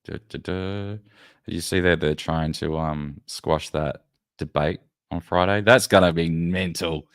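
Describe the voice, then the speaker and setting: A man hosts a loose, meandering livestream, talking straight to his viewers and swearing freely. His voice sits very low, and the sound is dry and close, with no room echo. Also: steady tone, unhurried. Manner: rambling, loose and profane, chatting to viewers. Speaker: livestream host. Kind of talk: casual livestream chat.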